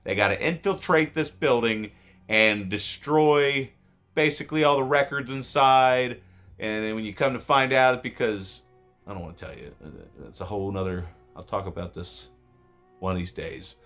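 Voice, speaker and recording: Man, casual film reviewer, profane and rambling, bright tone, faint music bed. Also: moderate pace. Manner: profane, rambling, self-interrupting; voice jumps high when emotional. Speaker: movie reviewer.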